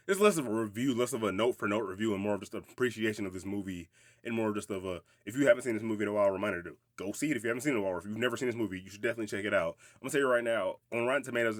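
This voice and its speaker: Young man, podcast host, low voice, rapid and rambling, swears freely, dry close sound. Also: no room sound. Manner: rambling, profane, laughs often. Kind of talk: casual movie review chat.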